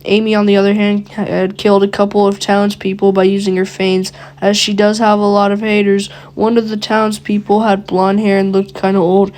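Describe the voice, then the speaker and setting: A woman's voice: medium pitch, completely flat delivery, normal speed, hardly any pauses, darkish tone. Giggly woman reading a creepypasta. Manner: giggly, breaks off to comment on the story. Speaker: creepypasta narrator.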